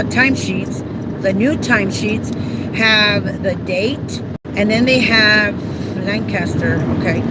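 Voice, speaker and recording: Woman, casual livestream chat, rambling, self-deprecating, phone mic, heavy traffic noise. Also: medium pitch. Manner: chatty, rambling, self-deprecating, quick to laugh. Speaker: caregiver answering viewer questions on a livestream.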